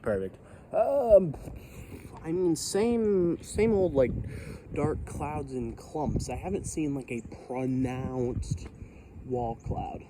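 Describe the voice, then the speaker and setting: A man's voice: on the high side, lively intonation, slow. Chatty man outdoors in stormy wind. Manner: chatty, self-deprecating, jokey asides. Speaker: vlogger filming a storm. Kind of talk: casual rambling commentary. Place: outdoors by his house in a storm.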